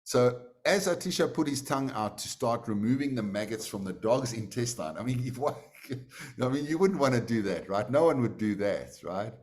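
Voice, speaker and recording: A man's voice: mid-range voice, expressive, normal speed, a little mellow. A man teaching a class, telling a story in a conversational way with many fillers. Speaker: meditation teacher. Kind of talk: storytelling in a lesson.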